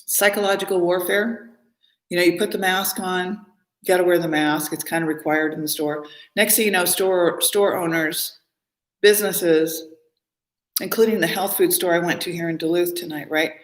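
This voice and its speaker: A woman's voice: on the low side, steady tone, moderate pace. A woman in a casual live stream monologue, talking at length in a rambling, emphatic way and often repeating her words. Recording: roomy echo.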